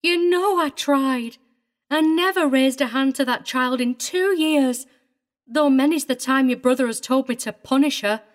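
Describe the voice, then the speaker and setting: A woman's voice: high voice, moderate pace, natural voice. Woman playing Miss Paul, a prim tearful governess. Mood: vehement, tearful. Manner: prim and agitated, voice wavering. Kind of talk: dramatized audiobook reading.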